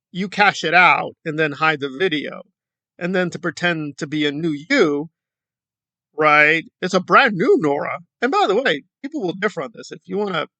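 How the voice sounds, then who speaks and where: A man's voice: on the high side, pushed and bright, no room sound. A man giving sarcastic, mocking commentary on an online video feud. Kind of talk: reaction commentary.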